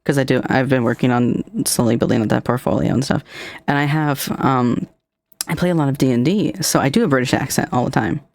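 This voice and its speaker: A streamer talks casually and with eager enthusiasm, dropping curses freely. The voice sits at a middling pitch. The sound is close and dry, with no room sound. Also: gravelly, dry recording. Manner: enthusiastic, swears, drawn-out delivery. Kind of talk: casual chat.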